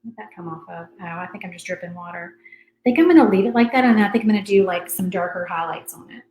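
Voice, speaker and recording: A woman's voice: medium pitch, expressive, fast, darkish tone, slight background noise. A woman, chatting casually while she paints and reads viewer comments aloud on a craft livestream. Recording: roomy echo.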